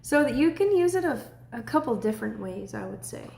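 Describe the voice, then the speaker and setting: A woman's voice: fairly high pitch, brisk, gravelly, roomy sound. A woman, chatting casually on a livestream and laughing often. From Texas. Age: 20s. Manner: chatty, laughs often, breaks into excited shouts. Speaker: livestream host.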